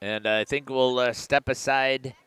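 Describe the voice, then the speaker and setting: Man, play-by-play announcer, crisp smooth voice, dry studio sound. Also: medium pitch, unhurried, no room sound. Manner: excited rising calls on big plays. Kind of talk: local high school football radio commentary.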